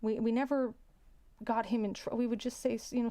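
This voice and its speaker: A young adult woman, a teacher, telling a story in a casual, halting way, often repeating words and sighing. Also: a little high, steady tone, warm tone.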